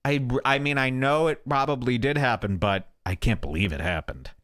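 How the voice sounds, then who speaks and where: A man's voice: mid-range voice, moderate pace, a bit bright. A man hosting a podcast, rambling through casual commentary with crude, sarcastic jokes. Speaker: show host.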